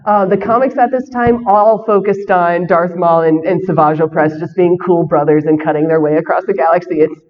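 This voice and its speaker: A woman's voice: on the low side, normal speed, few pauses, in a large hall. Woman gushing at a fan panel, laughs a lot, um and uh everywhere, kinda dull lo-fi sound. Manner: excitable, laughs often, many fillers. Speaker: convention panel speaker. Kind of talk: enthusiastic fan talk. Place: convention panel room.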